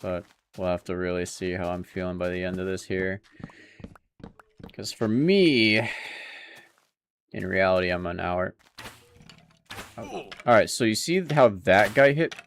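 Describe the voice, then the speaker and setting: A man's voice: low voice, expressive, measured pace, pauses often, slight background noise. A young man chatting casually with his viewers while playing a game, laid-back and laughing often. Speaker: streamer. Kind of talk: casual gameplay commentary.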